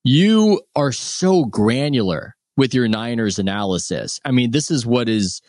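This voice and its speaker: A man's voice: medium pitch, animated, measured pace, darkish tone, no room sound, studio quality. A man hosting an interview, asking long, winding questions. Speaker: podcast host.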